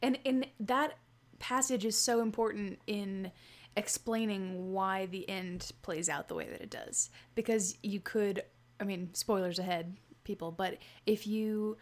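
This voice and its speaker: A woman's voice: mid-range voice, fairly even intonation, measured pace. Laughing woman co-hosting a book podcast. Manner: laughs easily, reads synopsis with flair. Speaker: podcast co-host. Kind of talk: casual book discussion.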